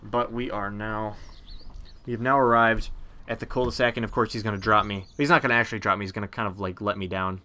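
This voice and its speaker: A man's voice: on the low side, fairly even intonation, quick pace, sharp tone. A man casually narrating a game walkthrough, chatty and rambling with many ums and uhs. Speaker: gameplay narrator.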